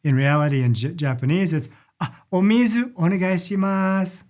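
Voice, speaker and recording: A man's voice: high voice, moderate pace, darkish tone. A middle-aged man explaining travel phrases in a casual instructional talk, demonstrating them with stretched vowels. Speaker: language and culture teacher.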